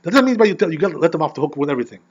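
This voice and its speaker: A man who is a rabbi teaching an informal Torah class, animated and constantly checking in with "you know" and "right?". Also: a little high, racing, muffled recording.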